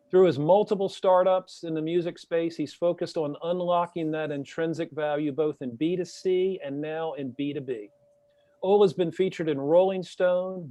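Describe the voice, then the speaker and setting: A man's voice: a little high, warm tone, no echo. A man hosting a show, reading a guest introduction in an upbeat, formal presenter manner. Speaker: show host. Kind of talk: read introduction.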